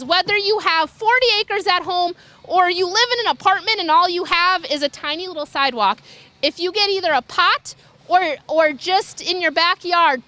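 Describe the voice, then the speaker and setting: A woman's voice: very high voice, bright, forceful tone. A young woman giving an enthusiastic wildlife lecture to an audience, sometimes imitating animal calls. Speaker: raptor educator. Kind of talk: public lecture.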